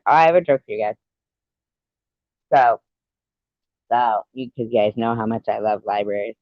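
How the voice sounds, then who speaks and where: A woman with a rumbling low voice hosts a casual livestream, chatting with viewers at a moderate pace. She's a giggly, rambling joke-teller, laughing often as she goes. The recording has no echo and a lo-fi sound.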